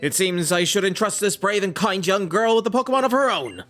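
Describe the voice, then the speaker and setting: A man voicing a dignified older island chief, speaking in a measured, dutiful way. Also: high-pitched, animated, a bit bright, faint music behind, voice pushed up. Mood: proud.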